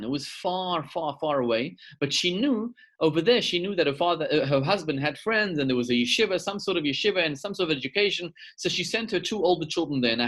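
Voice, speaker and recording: A man's voice: a little high, a bit bright. A middle-aged male rabbi giving a sermon over a video call, telling a story and repeating words for emphasis.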